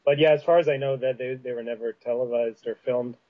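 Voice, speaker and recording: A man's voice: medium pitch, steady tone, fast, dull audio. A man with a Canadian Prairies accent hosting a podcast in casual chat, rambling with many fillers and restarts. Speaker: podcast host.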